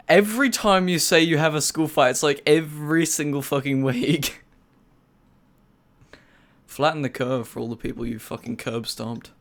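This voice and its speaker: Aussie teen dude, teasing, swears, middle pitch. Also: male voice. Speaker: podcast co-host. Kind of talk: casual chat.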